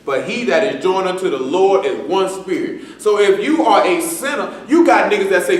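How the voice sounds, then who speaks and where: A man's voice: sits high, sing-song, brisk, few pauses. A man preaching a sermon in loose street slang, joking and quoting people. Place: church assembly hall. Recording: echoey hall from far off.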